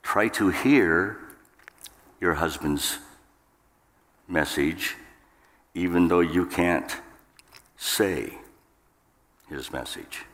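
A man with a very low voice preaches slowly and emphatically from a church pulpit, shooting up in pitch when he acts out his own outbursts. A long reverb trails behind his words. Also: a bit bright. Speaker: pastor. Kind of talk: sermon. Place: church sanctuary.

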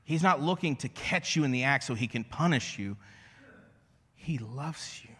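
A man preaching a sermon as a pastor, conversational and storytelling, slowing to a hush on key phrases. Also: medium pitch, lively intonation, slightly rough, big-room sound. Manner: conversational, storytelling with self-deprecating asides.

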